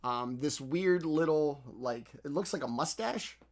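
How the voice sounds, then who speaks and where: A man's voice: a little high, measured pace. A man narrating as game master in a tabletop game, in a loose, rambling manner full of fillers.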